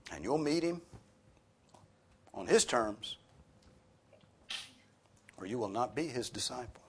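A man's voice: medium pitch, lively intonation, slow, fairly bright tone, a little hiss or hum. A man preaching a sermon as pastor, earnest and rising sharply for emphasis on key points.

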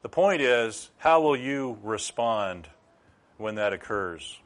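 Middle-aged pastor preaching, lowish voice, asks the crowd questions as he teaches. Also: animated, slow. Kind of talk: sermon.

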